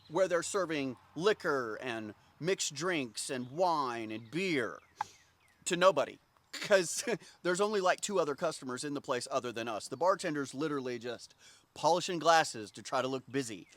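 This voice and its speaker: A man telling a comic story in a lively voice that swings high and low. He sounds exasperated and swears freely. His voice is a bit high for a man. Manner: profane, exasperated, animated. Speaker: comedic storyteller. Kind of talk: comedic anecdote.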